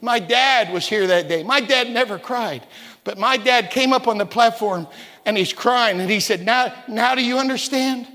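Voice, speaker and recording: A man in his sixties from West Virginia preaching a sermon in a church, telling stories, stumbling over repeated words and rising to shouts. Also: sits high, moderate pace. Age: 60s. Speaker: pastor. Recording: reverberant church hall.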